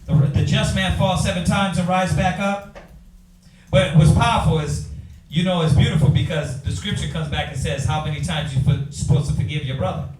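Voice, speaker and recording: A man, teaching a Bible class in an animated preaching style, talking straight to the room. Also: a little high, moderate pace, recorded from a distance, a little hiss or hum. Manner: animated, talks to the room, acts out quoted voices. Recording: echoey room from afar.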